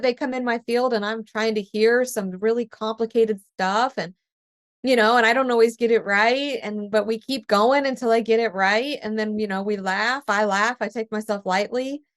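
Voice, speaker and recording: A woman talking as a spiritual medium on a relaxed podcast. She tells stories with energy and laughs easily, and her pitch climbs high when she acts out her own past reactions. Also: normal speed. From East Tennessee. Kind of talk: casual podcast conversation.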